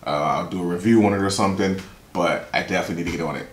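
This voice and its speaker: A young man hosting a reaction video in casual slangy commentary, excited and hyped. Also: sits low, very fast, slight background noise. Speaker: reaction channel host. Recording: echoey room with loud music. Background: anime opening music playing.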